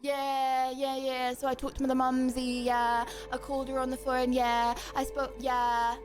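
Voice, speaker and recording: A woman's voice: high voice, completely flat delivery, unhurried. A woman putting on the voice of a cocky teenage London roadman boy, drawling and tacking "yeah" onto every phrase. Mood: mocking swagger.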